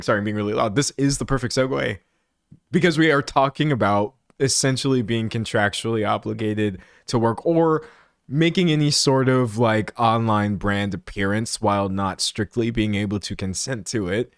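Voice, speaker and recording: A young man talks to his live chat in a loose, rambling way, breaking into laughter and side comments. His voice sits on the low side. The sound is dry and close, with no room echo. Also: moderate pace. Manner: animated, laughs often, rambling asides. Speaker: streamer host. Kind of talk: casual live-stream commentary. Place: room indoors, siren outside at times.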